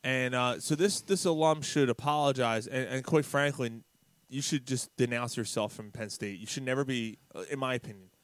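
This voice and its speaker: A man hosting a casual podcast, telling a road-rage story with lots of swearing and loud acted-out quotes. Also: mid-range voice, moderate pace, clean tone, no echo. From Philadelphia area. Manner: profane, animated storyteller, shouts out quoted lines. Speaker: podcast host.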